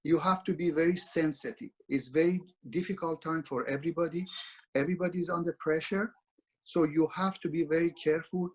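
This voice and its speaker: A man presents a webinar over a video call, instructing earnestly and repetitively with frequent restarts. His voice is fairly high, husky, and brisk with fairly even intonation, and the audio quality is poor.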